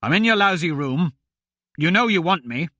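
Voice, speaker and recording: A man's voice: high-pitched, lively intonation, moderate pace, no echo, voice pushed up, exaggerated voice. Man doing a defiant taunting thief. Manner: taunting, shouting. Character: wiry male thief taunting a monster, defiant. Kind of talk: audiobook character voice.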